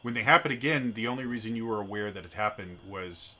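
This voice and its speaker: A man narrating as game master of a tabletop game, casual and relaxed, with frequent fillers. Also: on the low side, fast talker.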